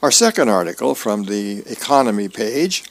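A man reading news articles aloud in a steady read-aloud delivery, marking quotations by saying "quote" and "unquote". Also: fairly low pitch, moderate pace, creaky. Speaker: article reader.

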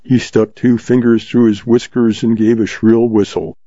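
A man narrating a western novel as an audiobook in a steady, measured read, with a dull, dry, lo-fi sound. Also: medium pitch, dry recording.

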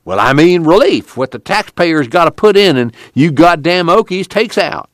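Man playing a tubby okie migrant, raised pitch, blunt and cussing, dry close sound. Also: lively intonation, moderate pace, fairly bright tone, no room sound. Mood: indignant. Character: gruff tubby middle-aged male migrant, blunt storyteller.

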